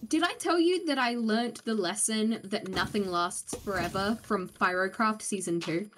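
A woman's voice: mid-range voice, normal speed. Blunt swearing woman in game chat. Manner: blunt, swears, laughs easily. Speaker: co-player. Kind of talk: casual gaming chat. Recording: noisy voice chat.

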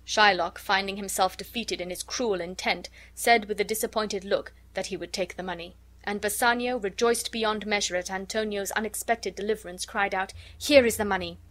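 A woman reading a classic story aloud as an audiobook narrator, in an even, measured way. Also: mid-range voice.

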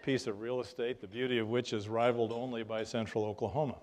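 An older man lecturing on history to a live audience, his voice sitting in an ordinary middle register. He tells his stories with a dry, wry humor and an unhurried, conversational delivery full of little fillers. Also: mid-range voice, steady tone, very noisy. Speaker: history professor giving a lecture. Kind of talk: public lecture with anecdotes.

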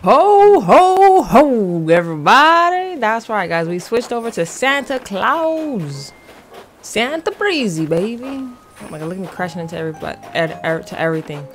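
A woman giving casual gameplay commentary as a vlogger, excitable, rushed and playfully dramatic. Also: lowish voice, soft background music. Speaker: gaming vlogger.

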